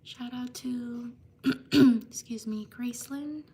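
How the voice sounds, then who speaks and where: Slow, flat-voiced woman streamer. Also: a little high. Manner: slow, even reading of viewer names. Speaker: livestream host. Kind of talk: live stream shout-outs.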